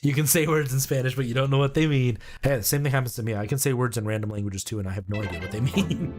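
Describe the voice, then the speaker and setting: A man's voice: medium pitch, fast, darkish tone, soft background music. Rambling Canadian man streaming. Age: 30s. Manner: rambling, explaining with many ums and likes. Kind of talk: casual live-stream chat.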